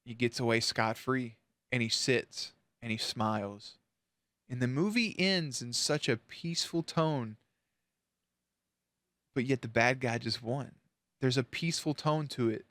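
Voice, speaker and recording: A man's voice: mid-range voice, lively intonation, unhurried, fairly bright tone, no room sound, studio quality. A man hosting a reaction channel, telling a story to camera in a candid, emotional way with casual swearing.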